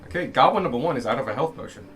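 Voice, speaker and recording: A man narrating a tabletop game as game master, lively, laughing and swearing freely. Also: medium pitch, racing, faint music behind.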